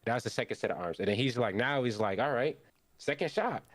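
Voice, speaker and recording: A young man on a podcast, casually recapping an anime episode and acting out the characters' lines in an animated way. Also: mid-range voice, fast talker, dry recording. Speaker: podcast co-host.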